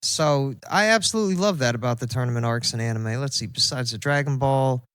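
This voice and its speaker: A man's voice: medium pitch, brisk, a bit bright, smooth, no echo. A young man co-hosting a casual anime podcast, laid-back and opinionated, chiming in with corrections. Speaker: podcast co-host. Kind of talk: casual chat.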